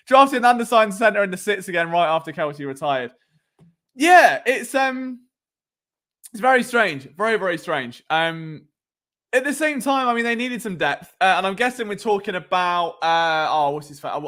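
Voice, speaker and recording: High-voiced man chatting on stream. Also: lively intonation, moderate pace, a bit bright. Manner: chatty, jokey, self-deprecating, trips over names. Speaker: sports podcast host. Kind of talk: casual live stream chat reading comments. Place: home at night, below noisy neighbours.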